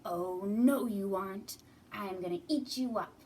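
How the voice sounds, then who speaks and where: A woman voicing a mean male troll who drawls out slow, booming threats, recorded from a distance. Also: darkish tone, a little hiss or hum, lightly acted. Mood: menacing. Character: mean bridge-dwelling troll, male, menacing.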